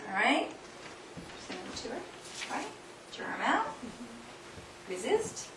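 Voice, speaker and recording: This seminar speaker's voice sits on the high side, sing-song and a little slow. She runs a live demo with volunteers in a hall full of people, laughing a lot as she coaxes and instructs. Sound is picked up from afar in an echoey, noisy room.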